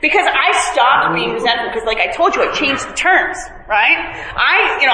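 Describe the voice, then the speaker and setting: Bright-voiced woman in an echoey hall. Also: high voice, expressive, moderate pace, hardly any pauses. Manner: self-mocking humor, frequent fillers and restarts. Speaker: recovery meeting speaker. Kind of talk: candid talk to a group. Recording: echoey hall, faint noise.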